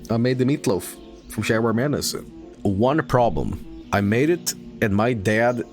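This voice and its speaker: A young man streaming a game and chatting casually, telling rambling stories with stammers and swearing. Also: on the low side. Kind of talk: casual livestream chat while gaming.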